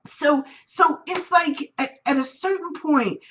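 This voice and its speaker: A woman's voice: high voice, a little slow, fairly bright tone, poor audio. A woman teaching a spiritual class, telling personal stories in a chatty way and acting out the people she quotes. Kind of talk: live-streamed class talk, personal stories.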